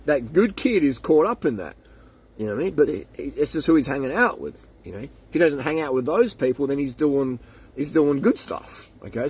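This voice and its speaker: A man in his forties ranting casually to the camera, mocking and joking as he goes. His voice is husky and sits a little higher than most men's. He drops into silly made-up voices to mock the people he talks about. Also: darkish tone. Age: 40s. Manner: mocking, jokey, slips into silly quoted voices. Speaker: vlogger.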